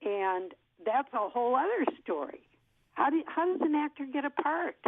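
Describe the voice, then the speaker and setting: A woman in her sixties, an actress, telling an animated story in an interview and acting out what people said. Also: high-pitched, normal speed, no room sound. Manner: lively storyteller who acts out what people said. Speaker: actress guest. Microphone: telephone. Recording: tinny phone line.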